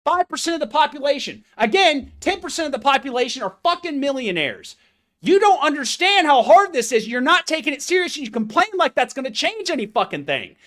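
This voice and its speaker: A man's voice: extremely high pitch, fairly bright tone. A fitness coach delivering a blunt, profane, confrontational motivational rant straight to his viewers.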